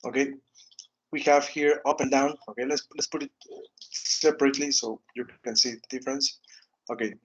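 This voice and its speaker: Halting teacher, tags "no?". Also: male voice, medium pitch, level tone, breathy edge, muffled recording. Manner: halting, repeats words, frequent "okay" and "no?" tags. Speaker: English teacher. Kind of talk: online grammar lesson.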